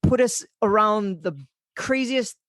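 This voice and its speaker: A young podcast host tells stories in casual chat, loose and animated, swearing and laughing as he acts out quotes. His high voice takes things slowly, and the close, dry recording has no echo.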